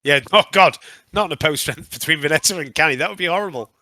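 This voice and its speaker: A man running a tabletop game as game master, narrating with frequent um pauses. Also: on the high side, bright, forceful tone, a little hiss or hum.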